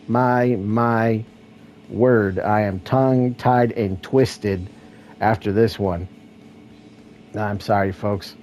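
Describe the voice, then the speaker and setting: Mellow-voiced wrestling commentator. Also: male voice, on the low side, a little hiss or hum, poor audio. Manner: excitable play-by-play, rising to shouts at near-falls; self-deprecating asides. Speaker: host and play-by-play commentator. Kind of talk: solo wrestling video game commentary.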